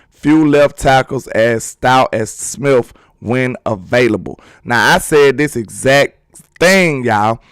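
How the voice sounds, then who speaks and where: A man hosting a sports livestream, chatting casually and excitedly while reading viewer comments. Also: mid-range voice, smooth, no echo, clean studio sound. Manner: excitable, talkative, teasing with chat.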